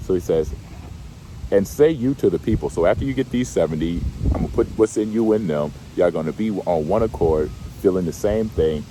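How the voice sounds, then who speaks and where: A man reading bible verses slowly, then paraphrasing them in relaxed, slangy everyday speech. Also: sits low, a little hiss or hum. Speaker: bible teacher. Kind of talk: scripture reading with casual commentary.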